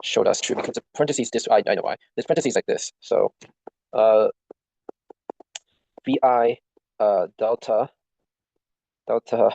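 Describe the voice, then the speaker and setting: A man's voice: fairly low pitch, animated, normal speed, vocal fry, long pauses, a little mellow, no room sound. Rambling young man, muffled dry mic. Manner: rambling, self-deprecating, swears at his tablet. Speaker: student reviewing for an exam. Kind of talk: casual screen-recorded study walkthrough.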